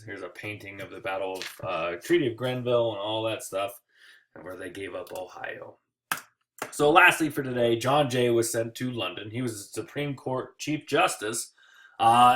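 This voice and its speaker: A man's voice: medium pitch, a bit bright. A man teaching history in a casual recorded lecture, joking often and talking loosely with many fillers.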